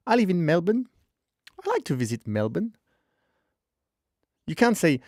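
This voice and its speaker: A man hosting a live podcast stream in casual chat, joking and thinking out loud while he waits for a guest. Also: on the high side, very animated, measured pace, pauses often, no room sound, studio quality. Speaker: podcast host.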